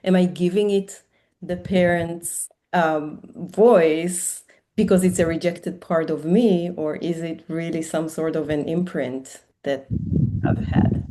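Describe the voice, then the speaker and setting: Slow, halting woman on a video call. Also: lowish voice, steady tone, mellow, low-quality recording. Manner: halting, restarts often. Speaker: participant asking a question. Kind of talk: casual discussion on a video call.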